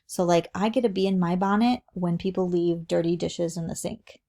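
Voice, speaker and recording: A woman's voice: on the low side, steady tone, moderate pace, dark tone. A middle-aged woman teacher giving a recorded lesson, explaining patiently and often checking in with "right?".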